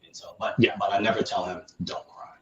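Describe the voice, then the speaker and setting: A man speaking as a podcast guest, calm and reflective, explaining his thoughts at length. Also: low voice, fast, lo-fi sound, a crowd in the background. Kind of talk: casual podcast conversation. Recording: roomy with faint background noise.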